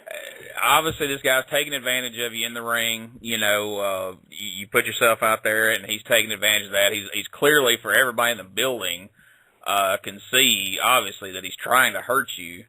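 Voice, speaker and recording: A man's voice: lowish voice, fairly even intonation, a little fast, sharp tone, no echo, low-quality recording. A man hosting a radio interview, asking casual, profane questions. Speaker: radio show host.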